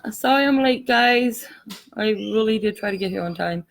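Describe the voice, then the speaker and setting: A woman's voice: mid-range voice, moderate pace, vocal fry, a little hiss or hum. A woman hosting a live craft tutorial, chatting in a rambling, apologetic way as she works. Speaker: craft channel host.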